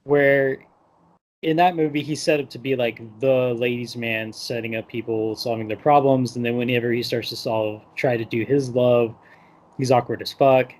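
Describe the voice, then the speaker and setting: A man's voice: mid-range voice, steady tone, moderate pace, darkish tone. A young adult man hosting a podcast, recapping a film in a loose, rambling way full of "like" and acted-out quotes. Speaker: podcast host. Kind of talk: casual movie discussion. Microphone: podcast microphone.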